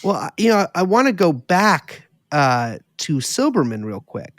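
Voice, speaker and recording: A man's voice: on the high side, sing-song, moderate pace, no room sound, clean studio sound. A man hosting a podcast, thinking aloud in a rambling way with many restarts. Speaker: podcast host. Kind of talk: casual podcast conversation.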